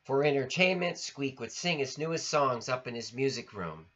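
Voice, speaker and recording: A man reading a children's storybook aloud in an expressive, sing-song way. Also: mid-range voice, moderate pace. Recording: lo-fi recording.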